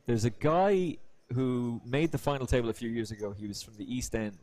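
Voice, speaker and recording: Chatty poker commentator. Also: male voice, mid-range voice, darkish tone, no echo. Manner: chatty storyteller, quick asides. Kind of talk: live poker commentary and chat.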